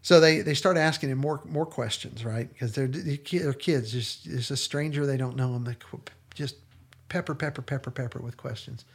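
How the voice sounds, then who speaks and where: A man's voice: mid-range voice, moderate pace, breathy edge. A man hosting a podcast, retelling scenes in an earnest, enthusiastic casual discussion. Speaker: podcast host.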